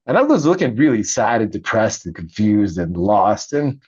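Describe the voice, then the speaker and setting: A middle-aged man with a low, husky voice recounts his past in a relaxed interview. He talks with animated energy and laughs as he goes. The sound is dry and a little dull. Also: moderate pace, dry recording. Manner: animated, laughs often, acts out quoted voices. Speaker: podcast guest, Navy veteran and author. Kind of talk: casual storytelling interview.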